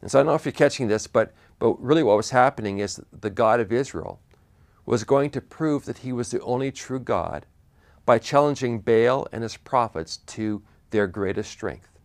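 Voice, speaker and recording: A man preaching a sermon, retelling a Bible story with animated asides and frequent restarts. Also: medium pitch, normal speed.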